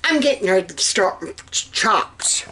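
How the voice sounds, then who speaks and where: A woman's voice: medium pitch, expressive, pushed and bright, husky. A middle-aged woman with a Southern US accent chatting casually as she cooks in her home kitchen, rambling along with plenty of "um"s. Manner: chatty, rambling, with drawn-out words and many "um"s. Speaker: cooking vlogger. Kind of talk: casual cook-along chat.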